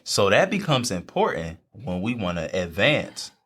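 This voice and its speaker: A man's voice: lowish voice, very animated, unhurried, fairly bright tone, slightly rough. A young man, talking faith casually and repeating phrases for emphasis. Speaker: podcast co-host. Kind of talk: faith talk among friends.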